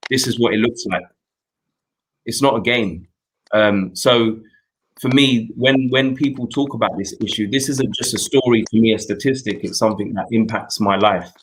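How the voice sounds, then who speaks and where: A young adult man, hosting a talk show and telling a personal story in an earnest, reflective way, with pauses and restarts. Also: lowish voice, a little hiss or hum, low-quality recording. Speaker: host.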